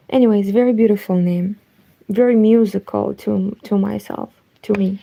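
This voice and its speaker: Soft-spoken Romanian-accented woman, gravelly and dark. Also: mid-range voice, fairly even intonation, unhurried, muffled recording. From Eastern Europe. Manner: soft-spoken, reads chat aloud. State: nearly lost voice. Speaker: knitting livestreamer. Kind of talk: late-night casual livestream chat. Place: home at night.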